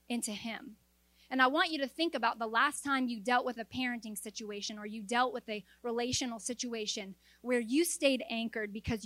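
A middle-aged woman delivers a sermon in a fairly high voice, earnest and exhorting. The sound is dry and close, with no room echo. She slips in quick joking asides between her points. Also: fairly bright tone. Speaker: preacher. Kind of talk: sermon to a women's audience.

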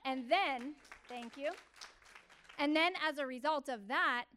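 Woman, testimony sermon, animated storyteller, emphatic repetition, fairly high pitch. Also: slow pace, a little hiss or hum. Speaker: church speaker.

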